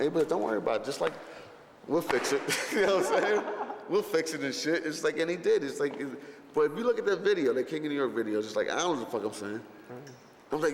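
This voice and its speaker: A rapper recalls shooting a film during an interview, talking quickly in a slightly high voice with lively intonation. His stories wander, he swears freely, and fillers crowd his speech. Long reverb fills the roomy space, along with faint background noise.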